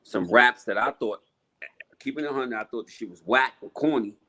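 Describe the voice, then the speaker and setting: A man's voice: medium pitch, fairly quick, bright, forceful tone, poor audio. Middle-aged new guy talking rap history, blunt and cussing, all street slang. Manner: emphatic, profane, streetwise slang. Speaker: guest rapper. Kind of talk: casual storytelling interview.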